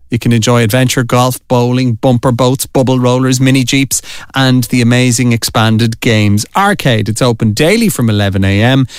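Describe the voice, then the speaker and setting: An Irish man on a radio station hypes up a listener competition with lively, sales-driven energy. He stays at a middling pitch and says the important details more than once. His voice is close and dry, with no room sound. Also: clear, resonant tone, no room sound. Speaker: radio presenter. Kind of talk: upbeat radio competition promo. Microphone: studio mic, dry.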